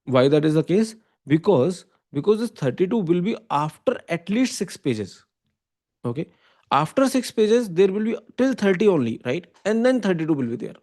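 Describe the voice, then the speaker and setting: Indian man teaching, mellow voice. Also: a little high. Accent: Indian English. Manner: explains step by step, often checking with "okay?" and "right?". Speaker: computer science teacher. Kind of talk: online lecture.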